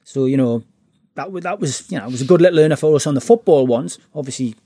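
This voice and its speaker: A man's voice: on the high side, fast, dark tone, no room sound, clean studio sound. A middle-aged man telling stories in a casual interview, often restarting his words. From Newcastle, England. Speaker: podcast guest. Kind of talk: casual storytelling.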